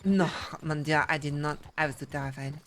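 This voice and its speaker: A prim, gossipy French busybody artist, played by a woman in a western roleplay game. She talks stiffly and formally with a French accent, her voice sitting a little low, and a faint hiss of noise runs behind her. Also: steady tone, brisk, fairly bright tone. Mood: fretful. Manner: prim, formal speech without contractions, gossipy complaining. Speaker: roleplay character. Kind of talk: in-character roleplay chat.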